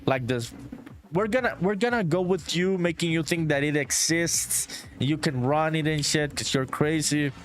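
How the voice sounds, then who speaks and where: A man's voice: on the high side, normal speed. A man from Honduras, a solo game developer chatting casually on a live stream, swearing freely and reading viewer comments aloud. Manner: laid-back, profane, reads chat aloud and answers it. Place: home in a small town.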